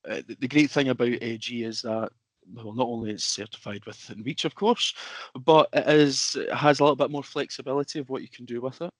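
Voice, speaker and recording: A man's voice: medium pitch, steady tone, a little fast, no room sound. Chatty man giving a webinar. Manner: chatty, informal, filler-heavy. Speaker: product presenter. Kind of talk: webinar product presentation. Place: home office.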